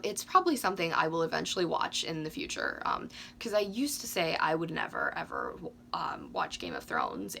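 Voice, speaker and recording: A woman in her twenties chatting casually to camera with lots of ums, a little hoarse from losing her voice. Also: on the low side, a bit bright, a little hiss or hum. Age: 20s. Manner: chatty, frequent ums, candid. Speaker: doll collecting YouTuber.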